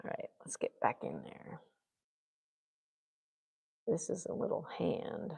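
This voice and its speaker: A woman painter thinks aloud while she works, mumbling little notes and nudges to herself. Her voice sits low and has a gravelly fry. She talks at an unhurried pace, and the sound trails off in a long, ringing reverb. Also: huge pitch swings, a little mellow. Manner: muttering to herself, musing and self-encouraging. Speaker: artist vlogger.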